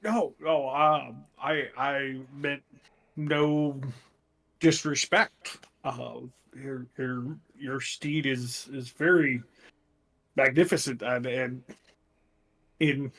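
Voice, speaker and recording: A man playing a tabletop game, speaking haltingly with many hesitations. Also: medium pitch, steady tone, fairly bright tone. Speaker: player.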